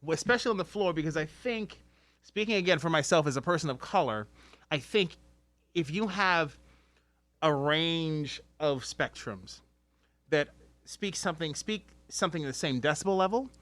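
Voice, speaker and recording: A man's voice: a little high, normal speed, no room sound. A middle-aged man telling a workplace story in a casual, profane way, swearing freely and acting out what he said in anger. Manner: animated, swears freely, acts out angry quotes. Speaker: podcast guest, restaurant veteran.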